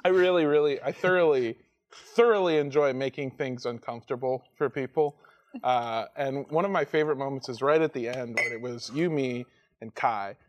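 A man's voice: mid-range voice, normal speed. A man co-hosting a casual podcast chat, laughing often and swearing freely. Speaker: podcast co-host.

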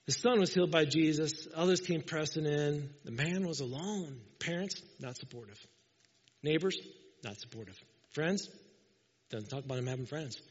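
A male pastor delivers a sermon in a conversational, storytelling way, voicing the people he quotes. His voice sits fairly high. The sound is muffled and rings out with long church reverb. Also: moderate pace, breathy edge.

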